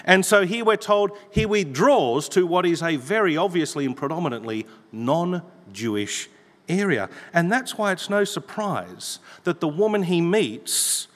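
A man's voice: sits high, very animated, measured pace, fairly bright tone. A man preaching a sermon, reading scripture aloud with emphasis. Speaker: pastor. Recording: long hall reverb.

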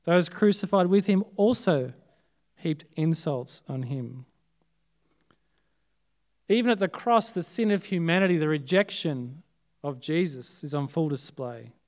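An Australian man preaches a Good Friday sermon in a high, smooth, resonant voice. He builds phrases up with emphasis, then lets them fall away almost to a hush. The delivery is dramatic and deliberate. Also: expressive. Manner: dramatic, swinging between loud emphasis and hushed, quiet phrases. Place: church service.

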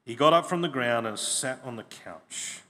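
A man delivers a sermon in a lively, rising-and-falling voice, leaning hard on key words as he reads scripture. His voice rings out with the long reverb of a hall, and faint noise sits underneath. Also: mid-range voice, normal speed. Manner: expressive reading with emphatic stresses. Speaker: preacher.

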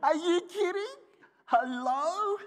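A man acting out a rude, indignant male parking attendant who shouts back at him, in an echoey hall. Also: very high-pitched, expressive, slow pace, voice pushed up, full character voice.

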